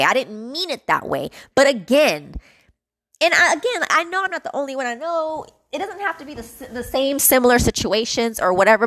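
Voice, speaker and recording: A woman's voice: on the high side, a bit bright, dry recording. Frustrated young woman venting. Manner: venting, frustrated, repetitive fillers and swearing. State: emotional, near tears. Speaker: podcast host. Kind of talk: emotional personal monologue.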